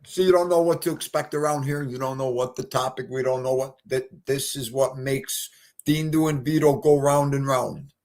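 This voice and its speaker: A man's voice: medium pitch, normal speed, a little mellow. A man hosting a casual livestream chat, rambling and emotional as he talks to his guests and the chat. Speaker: livestream host.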